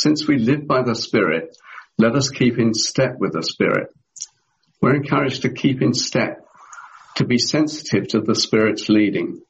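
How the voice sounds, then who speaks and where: Man preaching in a measured voice. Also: mid-range voice, gravelly, highs cut off. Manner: measured, asks the listeners rhetorical questions. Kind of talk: sermon.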